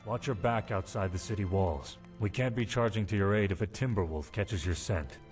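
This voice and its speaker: A man's voice: lowish voice, moderate pace, darkish tone, recorded from a distance, soft background music, lightly acted. A man voicing a cautious male city guard giving a warning in a fantasy game.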